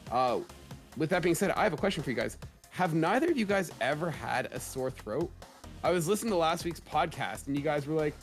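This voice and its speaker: A man in his thirties hosting a gaming podcast in a casual, jokey way, his voice a little rough from a cold. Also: on the high side. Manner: animated, jokey, rising emphasis. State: slightly rough voice after a cold. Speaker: podcast host.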